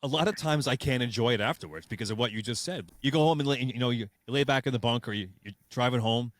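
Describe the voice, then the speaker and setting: A man, a firefighter and podcast host, talking earnestly about fires in a casual chat. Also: medium pitch. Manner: rapid, earnest, swears when retelling.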